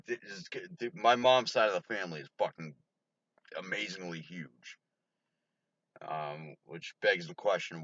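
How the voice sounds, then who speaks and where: Drunk male vlogger, swearing, laughing, low voice, dry close sound. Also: fairly bright tone, no room sound. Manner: rambling, profane, laughs often. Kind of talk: rambling storytelling to camera. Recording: dull lo-fi recording.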